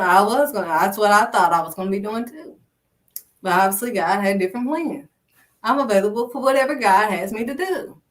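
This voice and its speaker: A woman's voice: mid-range voice, moderate pace, far from the mic. A woman giving a casual preaching talk about faith. She speaks emphatically, punctuates her points with "period" and calls listeners honey and sweetheart.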